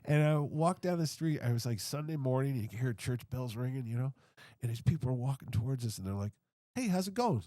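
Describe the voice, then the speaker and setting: A man's voice: mid-range voice, fast talker, mellow, no room sound, clean studio sound. A man guest on a podcast, telling stories in casual chat and acting out tough street banter with mock threats. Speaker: podcast guest, comic convention founder.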